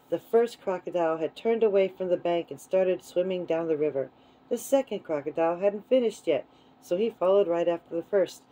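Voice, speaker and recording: A woman reading a children's book aloud in a gentle, unhurried way. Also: fairly low pitch, low-quality recording. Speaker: storyteller.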